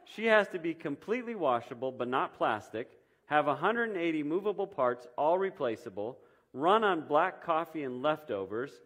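A man's voice: on the high side, a bit bright, voice pushed up. A man voicing the Lord as a patient, proud Creator in a story he reads aloud, explaining with fond pride. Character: patient, proud male Creator building mothers.

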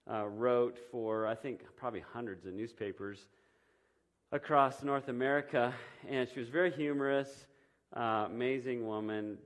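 Guy pastor giving a sermon in church, chatty and loose, lots of ums, mid pitch. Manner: conversational, with many ums and restarts.

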